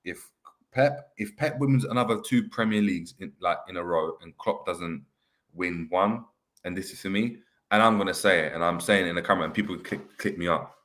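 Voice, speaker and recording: A young man, hosting a casual football chat and reading viewer comments aloud with animated banter. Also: deep voice, fairly quick. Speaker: host. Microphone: webcam on video call.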